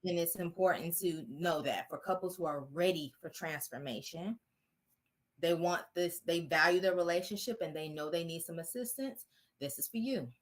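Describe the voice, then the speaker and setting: Woman therapist guest, encouraging, kinda low voice. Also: moderate pace. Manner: earnest, encouraging, direct. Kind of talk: interview answers.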